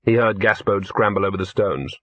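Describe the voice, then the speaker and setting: A husky male narrator telling a story in a measured, steady way. The recording is dull and lo-fi, very dry and close to the mic. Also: fairly low pitch, no room sound. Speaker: audiobook narrator. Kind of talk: scripted narration.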